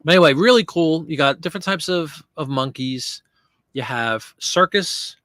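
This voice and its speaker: A man's voice: fairly high pitch, animated, normal speed, a bit bright, no room sound, studio quality. A man hosting a live listing stream, chatting casually and answering viewer comments while he works. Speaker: live stream host listing items for sale.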